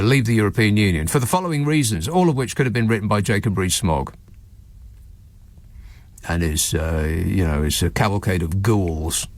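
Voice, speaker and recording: Sardonic radio host with a lively voice. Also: male voice, fairly low pitch, dry recording. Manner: sardonic, mocking, chuckles at his own jokes. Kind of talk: late-night talk radio monologue.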